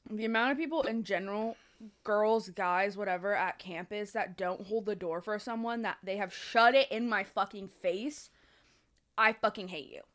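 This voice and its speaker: A young woman, the host's sister, chatting casually on a podcast, dramatic and quick to swear as she rants. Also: mid-range voice, fairly bright tone. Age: young adult. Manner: dramatic, swears heavily, ranting.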